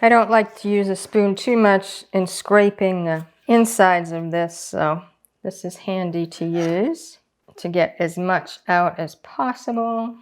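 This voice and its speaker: A woman's voice: mid-range voice, takes it slowly, clean tone. A woman hosting a casual home cooking demonstration, chatting and explaining each step as she works. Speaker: cooking channel host.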